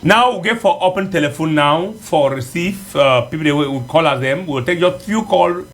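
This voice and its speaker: A man with a Cameroonian Pidgin English accent, hosting radio news and a phone-in show in a lively, chatty way. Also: a little high, normal speed, some chatter behind. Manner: lively, chatty presenting with fillers. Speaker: news presenter and call-in host.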